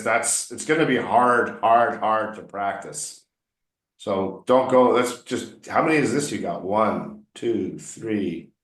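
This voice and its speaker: A man's voice: fairly low pitch, a bit bright. A man coaching English one on one, patiently explaining words and drilling pronunciation by repeating them. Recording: roomy echo.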